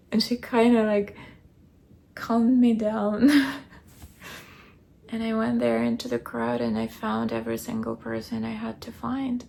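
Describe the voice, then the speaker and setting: A weary woman keeping a late-night video diary at home, talking softly and often dropping into a whisper. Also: on the high side, flat delivery, unhurried, vocal fry, pauses often. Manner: soft, tired, often drops to a whisper. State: weary, low on energy.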